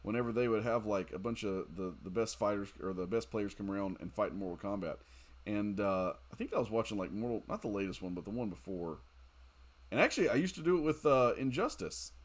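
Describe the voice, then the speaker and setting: A man's voice: on the low side, lively intonation, a little fast. A man streaming a mobile game late at night, chatting casually, reading viewer comments aloud, joking and laughing often. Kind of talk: casual live-stream chat while playing.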